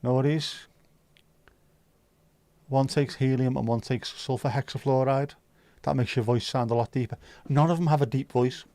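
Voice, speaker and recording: A man's voice: mid-range voice, steady tone, moderate pace, warm tone, dry recording. A man hosting a casual livestream, chatting loosely, reading out viewer comments and joking around with plenty of swearing. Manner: rambling, jokey, swears freely. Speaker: livestream host.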